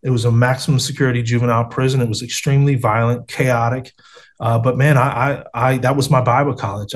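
A man's voice: medium pitch, level tone, fast talker. A man telling his faith story in an interview over a video call, earnest and street-casual, often saying "man" and "bro".

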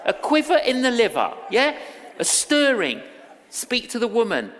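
A minister telling a personal story, acting out the dialogue in a lively storyteller's way. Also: male voice, very high-pitched, normal speed, big-room sound, a faint crowd. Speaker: guest minister. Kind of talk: storytelling sermon-style talk.

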